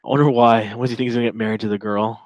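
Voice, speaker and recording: A man's voice: on the low side, flat delivery, rapid-fire, dry recording, low-quality recording. A man in his twenties giving casual, rambling reaction commentary while reading a chat log, with sarcastic asides.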